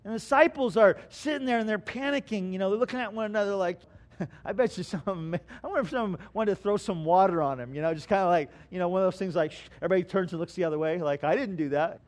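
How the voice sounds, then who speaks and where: A man preaching a sermon as pastor, asking his congregation questions and swinging from hushed lines to loud bursts. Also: sits high, fast. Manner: preaching with dramatic swings between quiet and loud; asks the congregation rhetorical questions.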